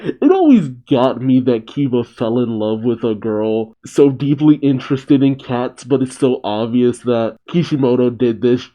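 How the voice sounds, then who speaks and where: Man, reading and commenting, chatty, mellow dark tone, slightly muffled lo-fi audio. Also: medium pitch, expressive, unhurried. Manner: chatty, laughing asides. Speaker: reaction host.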